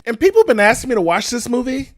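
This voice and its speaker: A man's voice: extremely high pitch, sing-song, very fast, soft background music. A young man hosting a movie reaction video, talking to his viewers in casual commentary, exasperated and swearing often.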